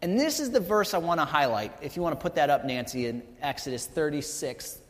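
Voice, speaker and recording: A man's voice: fairly high pitch, very animated, brisk. A man in his thirties, a pastor giving a conversational sermon, telling the story casually and checking in with the congregation with frequent "right?" asides. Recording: long hall reverb.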